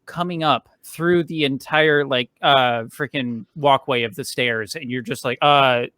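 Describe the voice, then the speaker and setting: A young adult man chatting as a podcast guest, rambling and animated as he tells stories, with casual swearing. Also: mid-range voice, measured pace, clear, resonant tone, no room sound. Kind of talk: casual chat. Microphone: podcast microphone.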